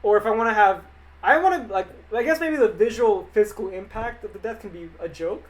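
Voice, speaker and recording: A young man streaming as an animator answers viewer questions in a relaxed, meandering, joking chat. His voice is high-pitched and fairly quick, and the recording quality is low.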